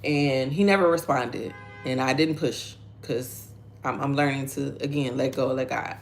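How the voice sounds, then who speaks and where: A woman's voice: a bass voice, steady tone, measured pace, soft background music. A middle-aged woman hosting a casual devotional talk, earnest and conversational, reading viewer comments aloud. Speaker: devotional host.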